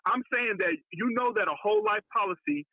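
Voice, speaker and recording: A man's voice: sits high, a little fast, no room sound, phone-quality sound. A man calling in to a show, pressing his point and calling the host "brother" over and over. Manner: challenging, keeps saying "brother". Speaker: caller. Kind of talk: heated call-in debate.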